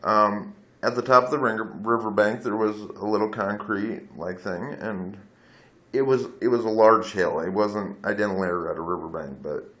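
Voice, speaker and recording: A man's voice: lowish voice, normal speed, fairly bright tone. A man telling a rambling personal story into his phone camera, candid and blunt, swearing freely and wandering off on tangents. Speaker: vlogger.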